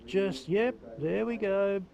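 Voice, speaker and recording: A man's voice: high voice, slow, gravelly, mellow, lo-fi sound. A man commentating live surfing from a booth, chatty and enthusiastic. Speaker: surf commentator.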